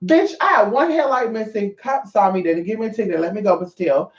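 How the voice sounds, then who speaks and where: A woman's voice: mid-range voice, fairly quick. A woman vlogger talking to her viewers in a brash, profane, rambling rant. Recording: roomy, dull lo-fi sound.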